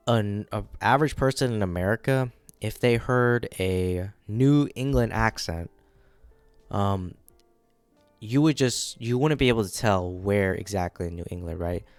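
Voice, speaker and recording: A man's voice: lowish voice, no room sound. A man giving casual, rambling commentary on a manga during a live reading, often checking in with the audience. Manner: rambling, keeps checking in with "right?".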